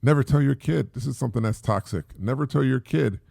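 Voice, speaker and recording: A man's voice: mid-range voice, a little fast, vocal fry, darkish tone, no room sound, studio quality. A middle-aged man hosting a solo podcast, talking in a rambling, casual way with many fillers and repeats. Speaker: podcast host.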